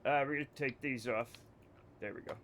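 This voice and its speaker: A man's voice: mid-range voice, steady tone, brisk, fairly bright tone, a little hiss or hum. An American man streaming a game, joking and rambling to his chat. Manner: jokey, rambling, talks to chat. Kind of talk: casual livestream chat.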